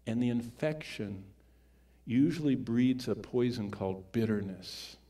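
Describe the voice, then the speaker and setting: A preacher swinging from booming to hushed. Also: male voice. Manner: wide swings from loud emphatic peaks to hushed low storytelling; slows and stretches key words for emphasis. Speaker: pastor. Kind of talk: sermon.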